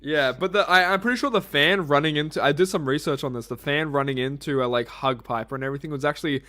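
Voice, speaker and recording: A man's voice: a little high, quick pace, sharp tone. A man co-hosting a casual podcast, rambling and swearing freely as he laughs at himself. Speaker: podcast co-host. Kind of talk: casual chat.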